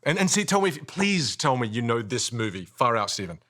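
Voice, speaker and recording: A man coaching speaking skills in a podcast studio, animated and melodic, swooping between high and low. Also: fairly quick. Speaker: communication coach.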